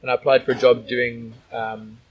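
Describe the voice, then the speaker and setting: A man's voice: medium pitch, flat delivery, normal speed, slightly rough, highs cut off. A man from Australia telling stories as a guest in a casual interview, rambling with lots of "like" and "you know".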